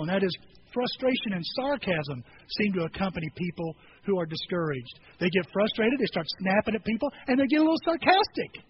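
A man preaching a sermon in a casual, animated way, acting out scripture scenes in quoted voices. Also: sits high. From rural farm upbringing. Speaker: pastor. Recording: slightly dull recording with faint noise.

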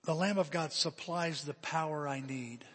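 High husky-voiced preacher. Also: male voice, moderate pace, big-room sound. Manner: animated, repeats himself, drops to hushed appeals. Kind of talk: sermon storytelling. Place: church.

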